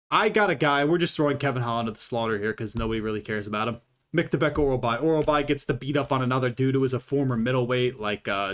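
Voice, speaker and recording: Solo commentator, man, loose and profane, mid-pitched voice, chatty and unscripted. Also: a bit bright. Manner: profane and rambling, with many fillers. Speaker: YouTube fight commentator. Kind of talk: casual commentary.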